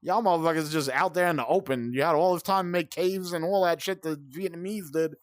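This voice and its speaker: A middle-aged man from Brooklyn, New York, delivers a heated, profanity-laced rant while he plays a game. His voice sits fairly high for a man, and the sound is dry and close with no room echo. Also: fairly quick. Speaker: gaming channel host. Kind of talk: ranting commentary over gameplay.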